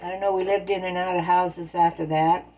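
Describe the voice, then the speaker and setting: A woman with a lowish, mellow voice tells stories in an easy, folksy way, full of rural turns of phrase. She talks while she bakes in her home kitchen. A faint hiss sits under the recording. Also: little pitch movement, brisk, highs cut off. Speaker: storyteller and home baker. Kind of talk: casual spoken storytelling while baking.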